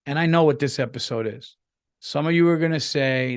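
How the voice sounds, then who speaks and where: A man's voice: on the high side, brisk, clean tone. A man hosting a podcast, rambling through a casual comedic monologue with lots of swearing and restarts. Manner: rambling, profane, full of restarts. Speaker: podcast host. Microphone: podcast microphone, on camera.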